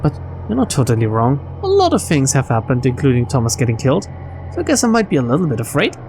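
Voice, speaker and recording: A woman's voice: very deep voice, huge pitch swings, fast talker, darkish tone, a little hiss or hum, voice pushed down, full character voice. A woman voicing an aloof young male detective who talks in a dry, dismissive way.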